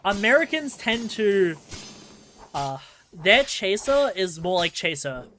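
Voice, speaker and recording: A man's voice: high voice, very animated, slow pace, bright, forceful tone, a little hiss or hum. A man with an Australian accent giving rambling live commentary while he plays a game and talks to his chat. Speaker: gaming streamer.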